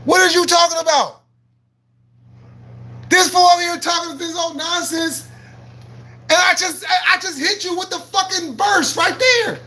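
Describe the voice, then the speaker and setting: High, bright-voiced man ranting on a livestream. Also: measured pace, pauses often, slight background noise. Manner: combative, profane, repeats himself, laughs often; preachy and argumentative, quoting scripture. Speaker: livestream host. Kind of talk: live-stream rant answering chat.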